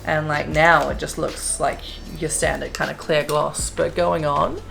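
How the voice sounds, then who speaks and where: Slow, gravelly-voiced woman vlogging. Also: low-pitched, level tone, over music, poor audio. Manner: chatty, gushing, self-deprecating. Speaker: beauty vlogger. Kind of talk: casual makeup review chat.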